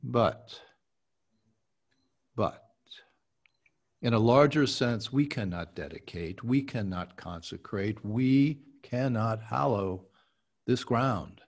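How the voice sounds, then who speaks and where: A male podcast host reciting a historic speech slowly and deliberately, then chatting haltingly about it with his coach. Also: medium pitch, animated. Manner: slow, measured recitation, halting in chat.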